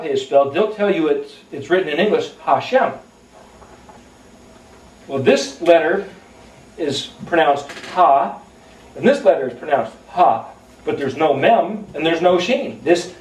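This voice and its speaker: A man with a slightly high voice teaches from scripture. He spells out Hebrew letters one by one and thinks aloud as he explains. The sound carries a roomy echo from a mic set some distance away. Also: a little mellow. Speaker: Bible teacher. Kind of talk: recorded Bible teaching. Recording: echoey room, mic at a distance.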